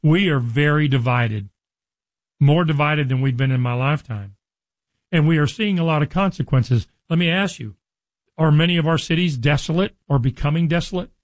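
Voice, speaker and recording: A man preaching a sermon, reading scripture slowly and explaining it in an earnest, conversational way to his listeners. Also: on the high side, no echo, poor audio. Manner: addresses listeners directly.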